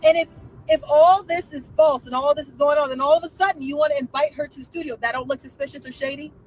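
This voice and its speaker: A woman's voice: high voice, steady tone, quick pace, a little mellow, soft background music, low-quality recording. A woman hosting a live stream, commenting casually with incredulous rhetorical questions and frequent laughter.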